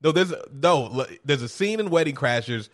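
Guy on a movie podcast, hyped, cursing, doing little bits of the characters, kinda high voice. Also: normal speed. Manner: animated, profane, acts out scenes. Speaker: podcast co-host. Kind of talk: casual movie discussion.

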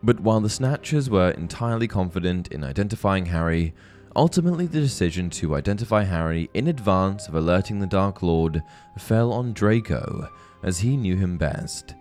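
A man hosting a fan theory video, giving measured, scripted narration. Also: deep voice, animated, a little mellow, soft background music. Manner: measured, explanatory. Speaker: host of a fan theory channel. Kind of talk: scripted narration and book reading.

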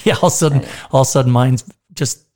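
A man's voice: mid-range voice, fast, mellow. A man doctor co-hosting a podcast in casual chat, cracking jokes and cutting in on his partner. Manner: jokey, interrupting, wisecracking.

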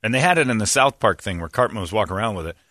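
A man with a fairly low voice that comes out bright and forceful. He tells crude stories with boisterous jokes and acts out the people in them. The sound is dry and close. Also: expressive, rapid-fire, no echo. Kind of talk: crude comic storytelling.

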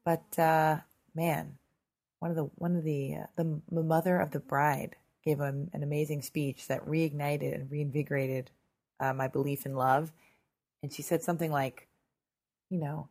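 Woman host who lost her voice, kinda low and hoarse, chatty, swears a lot. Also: moderate pace. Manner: chatty, swearing, animated asides. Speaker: podcast host. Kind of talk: casual podcast intro monologue. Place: Los Angeles.

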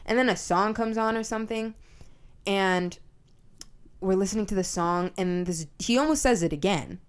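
A woman in her twenties hosting a podcast, talking in a blunt, profane and animated casual monologue. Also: medium pitch, normal speed, clear, resonant tone. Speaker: podcast host.

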